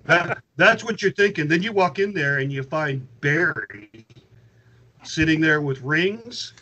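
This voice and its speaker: A man's voice: a little high, expressive, unhurried, sharp tone. A man playing a tabletop game who teases the other players. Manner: teasing. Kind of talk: tabletop role-play chat.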